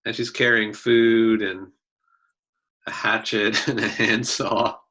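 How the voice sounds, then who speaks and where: A man at a tabletop game who speaks slowly, with a bright, forceful tone. His delivery is easygoing, dotted with pauses and fillers. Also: fairly low pitch, little pitch movement, poor audio. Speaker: player.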